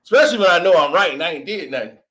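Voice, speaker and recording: A man in his thirties with a high, bright, forceful voice tells a story in relaxed conversation. His pitch jumps around as he acts out the other people in it, and he laughs easily. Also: very fast. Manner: animated, acts out quoted voices, laughs often. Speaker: host. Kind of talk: storytelling in casual chat.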